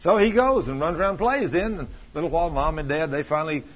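A man's voice: a little high, quick pace, breathy edge, dull audio. A middle-aged man preaching a fiery sermon, folksy and emphatic, acting out the voices in his stories. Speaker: pastor.

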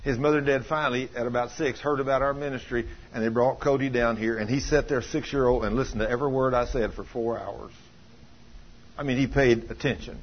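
Folksy preacher, husky voice. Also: male voice, mid-range voice, steady tone, brisk, muffled recording. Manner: folksy, emphatic, acts out voices in his stories. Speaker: pastor. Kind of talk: fiery sermon with storytelling.

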